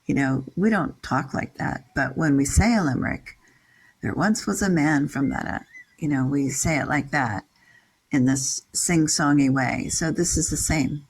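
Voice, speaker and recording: An older person leading a scripture class, chanting Sanskrit syllables slowly and explaining verse meter and word meanings in a casual way. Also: medium pitch, husky, low-quality recording. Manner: reads out word-by-word glosses in a steady list. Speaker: leader of a scripture reading class.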